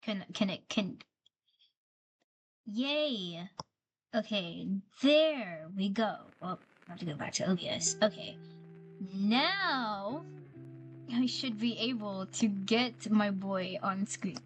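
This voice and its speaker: A woman's voice: medium pitch, lively intonation, takes it slowly, soft background music. A woman streaming a game, chatting casually and gushing over the characters, often repeating herself. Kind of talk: casual gameplay commentary.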